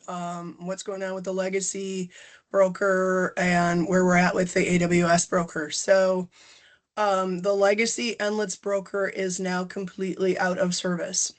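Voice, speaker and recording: A middle-aged woman presents a business webinar over a video call, her voice congested and a little nasal from a cold. She speaks in a flat, level tone, steady rather than lively, and talks casually with frequent ums and small self-corrections. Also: on the low side. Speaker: presenter, company general manager.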